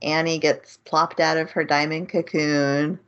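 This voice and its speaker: A woman speaks slowly and easily in a casual podcast chat, often breaking into laughter. Her voice comes through somewhat dull and muffled, like a lo-fi call. She sums up plot points in a relaxed way. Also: low-pitched, clear, resonant tone. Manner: laughs often, slow and easygoing. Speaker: podcast co-host. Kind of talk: casual anime recap chat.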